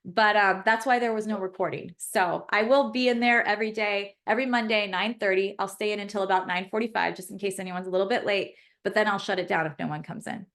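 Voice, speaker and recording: A woman's voice: mid-range voice, steady tone, fast talker, few pauses, fairly bright tone. A woman pharmacist hosting a live webinar class, chatty and effusive as she reads the chat and answers questions aloud.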